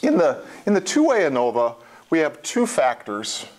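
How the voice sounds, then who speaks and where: A man's voice: fairly high pitch, huge pitch swings, normal speed, a little mellow. Man, statistics instructor, classroom lecture, plain explanations, repeats key points.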